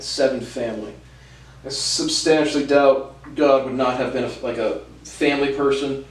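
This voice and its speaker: A man hosting a lecture series, talking in a casual, rambling way with many fillers and frequent chuckles. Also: medium pitch. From United States. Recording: very echoey room, far from mic.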